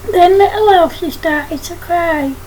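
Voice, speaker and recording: A woman reading her own children's story aloud in a plain, steady way. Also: very high-pitched, a little slow, slight background noise, poor audio.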